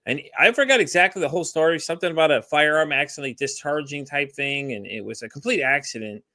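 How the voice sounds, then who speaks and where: On a casual podcast, a man from Texas rattles off rambling stories quickly, performing the dialogue he quotes. He has a fairly high pitch and a bright, forceful tone, and the recording is dry and studio-clean.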